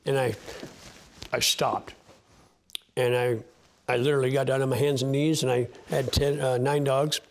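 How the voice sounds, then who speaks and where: A man's voice: mid-range voice, little pitch movement, moderate pace, gravelly, long pauses, a little hiss or hum. A man in an interview, talking about his sled dogs in an earnest, heartfelt way, often restarting his sentences. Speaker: interview guest, sled dog musher. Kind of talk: candid interview talk.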